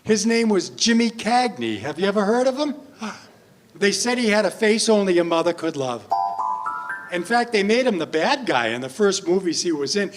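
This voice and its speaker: Guy hosting a sing-along for seniors, high voice, playful jokes, music playing behind. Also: sing-song, moderate pace. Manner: jokey, playful, chats with the audience. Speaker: entertainer singing for seniors. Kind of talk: live sing-along show banter. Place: performance room at a senior residence. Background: backing music.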